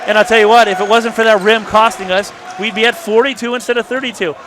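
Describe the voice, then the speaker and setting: A high-pitched man calls a high school basketball game, rapid and excitable, with homespun asides between plays. A loud gym crowd roars behind him and the recording carries a clear layer of noise. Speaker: play-by-play announcer. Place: school gymnasium.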